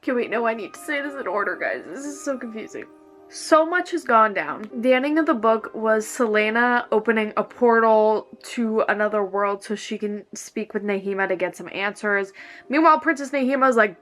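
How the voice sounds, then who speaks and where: A woman chatting casually in a reading vlog, excitable and gushing, with bursts of quick talk, filmed at home. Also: a little high, soft background music. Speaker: book vlogger.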